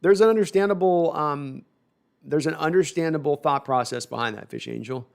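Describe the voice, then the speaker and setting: Gravelly-voiced man rambling about football. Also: a little high, moderate pace. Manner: rambling, self-deprecating, with frequent restarts. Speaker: host reading viewer comments. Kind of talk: casual live-stream sports talk.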